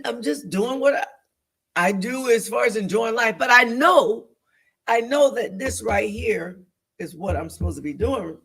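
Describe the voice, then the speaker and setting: A woman co-hosting a church talk show, speaking in an animated, emphatic, preaching-like way, repeating phrases for emphasis and acting out inner voices. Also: medium pitch, breathy edge. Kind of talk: faith discussion, preaching-like.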